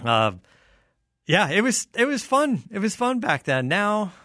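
A man's voice: high voice, sing-song, unhurried, pushed and bright, dry recording, studio quality. A man hosting a casual chat who also reads a sponsor ad, easygoing in manner. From South Florida. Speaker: host.

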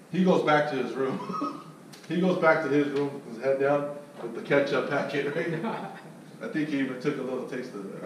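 A man telling a sales story and coaching others, cursing freely and acting out the people in it. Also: fairly high pitch. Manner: profane, animated storyteller who acts out voices. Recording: echoey room, distant mic, faint noise.

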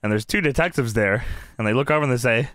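A man's voice: medium pitch, fast, a bit bright, no echo, clean studio sound. A man co-hosting a podcast, reviewing an old wrestling show in casual chat, laughing often and acting out quotes in silly voices. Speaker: podcast co-host.

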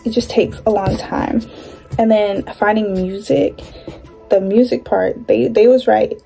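A woman's voice: mid-range voice, fairly even intonation, unhurried, vocal fry, warm tone, soft background music. A young woman with a light Southern accent, talking in a chatty, slangy, rambling way as she vlogs. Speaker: vlogger. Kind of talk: casual vlog chat.

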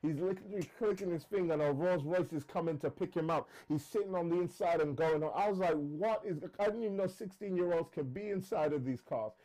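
Animated storytelling man, warm mellow voice. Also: a little fast, few pauses, rough recording. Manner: acts out quoted callers with shifts in pitch, emphatic repetition. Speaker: trading mentor speaking to camera.

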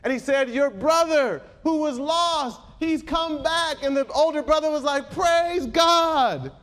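This male pastor has an extremely high voice and an unhurried, slightly bright delivery. Preaching a sermon, he reads scripture aloud in King James wording and calls out questions to his congregation.

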